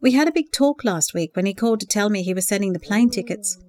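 A woman voicing a hopeful, earnest young woman in love, speaking softly and a little higher than her narration. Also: lively intonation, quick pace, dry recording, lightly acted. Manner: earnest, emotional, sighing.

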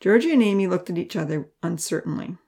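A woman narrating a children's story aloud with a steady, expressive reading. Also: lowish voice, fast talker, breathy edge.

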